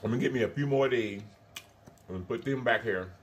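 A man's voice: mid-range voice, fairly quick, slight background noise. A man hosting a mukbang vlog, chatting casually to viewers while eating, calling them y'all and honey, with frequent mm sounds between bites. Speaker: mukbang vlogger.

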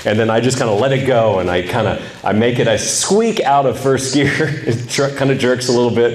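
A middle-aged man telling a humorous personal story to a men's group, with lively, animated delivery. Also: mid-range voice, fairly quick, hardly any pauses. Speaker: speaker at a men's ministry event. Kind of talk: storytelling talk.

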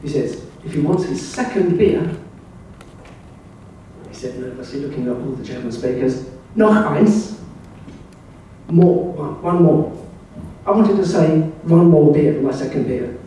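An older man from England giving a slide presentation at a club, telling wry, anecdotal stories in a relaxed way. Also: medium pitch, normal speed, far from the mic, slight background noise. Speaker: club speaker. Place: club meeting room. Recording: very echoey room, voice heard from afar.

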